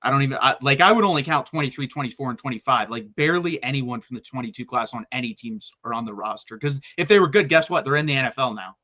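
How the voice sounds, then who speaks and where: A man with a bright, forceful voice talks college football in a casual chat. He is excitable and rapid-fire and keeps restarting his sentences. His pitch sits mid-range for a man. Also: lo-fi sound. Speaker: college football podcast co-host.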